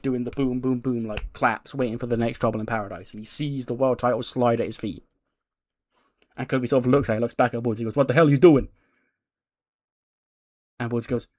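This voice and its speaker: A man casually narrating a wrestling simulation playthrough, excitable and chatty, with many fillers. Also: mid-range voice, dry recording, studio quality. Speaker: game commentator.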